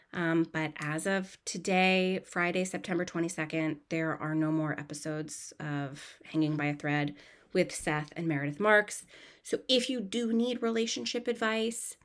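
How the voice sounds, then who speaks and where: A woman hosting a podcast, recapping a reality show in a chatty, gossipy, animated way. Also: on the low side. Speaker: podcast host.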